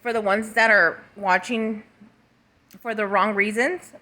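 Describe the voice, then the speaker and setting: A woman's voice: mid-range voice, steady tone, unhurried, bright, forceful tone. A woman giving a casual, emotional vlog update as a mother, swearing freely and talking straight to her viewers. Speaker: mother and vlogger.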